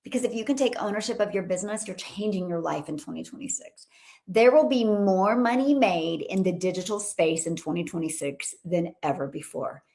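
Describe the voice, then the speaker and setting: A woman's voice: mid-range voice, fairly quick, darkish tone. A middle-aged woman hosting a livestream as a business coach, talking with upbeat, bubbly enthusiasm and calling out to viewers. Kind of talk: upbeat livestream talk reading viewer comments.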